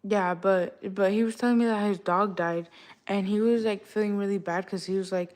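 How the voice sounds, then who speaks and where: A woman's voice: mid-range voice, steady tone, moderate pace, darkish tone. A young woman streaming live, chatting casually with her viewers and ranting in heavy slang with a mid-range voice. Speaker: livestreamer talking to chat. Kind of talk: casual livestream chat.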